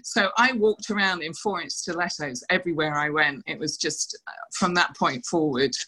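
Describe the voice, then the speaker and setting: A middle-aged woman, a former dancer, telling lively anecdotes in an interview. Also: deep voice, moderate pace, husky, rough recording. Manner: animated anecdotes, quoting others with laughs. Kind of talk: casual storytelling interview.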